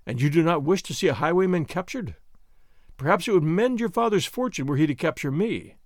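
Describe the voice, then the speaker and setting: A man doing a gallant masked highwayman. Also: lively intonation, brisk, dry recording, clean studio sound. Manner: flowery, gallant, theatrical. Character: dashing masked male highwayman, gallant and bold. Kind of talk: audiobook character voice.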